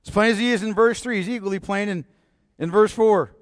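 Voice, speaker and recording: Preacher, male, high-pitched, forceful sermon delivery with rhetorical questions, close and dry. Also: brisk, no echo. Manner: bold, emphatic preaching with repeated rhetorical questions.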